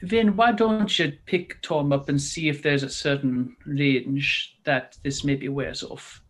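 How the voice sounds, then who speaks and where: A man's voice: fairly high pitch, steady tone, a little slow, a bit bright. A man playing a tabletop game, speaking casually and a little hesitantly. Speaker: player.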